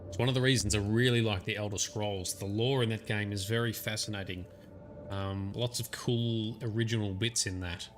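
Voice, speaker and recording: A man's voice: on the low side, fairly even intonation, normal speed, slight background noise. A man with an Australian accent giving chatty, laughing commentary over a game livestream. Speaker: streamer. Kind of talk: let's play commentary.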